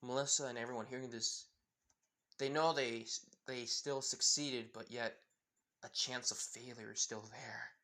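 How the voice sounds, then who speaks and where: A man improvising a fan-made story out loud, in a rambling, casual way with frequent chuckles. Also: mid-range voice, fairly even intonation, measured pace.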